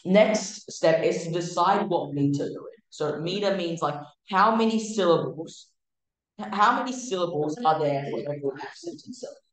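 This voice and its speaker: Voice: medium pitch, expressive, normal speed, heavy reverb, poor audio. A music theory tutor giving a casual online lesson, explaining in a chatty way with many fillers and restarts.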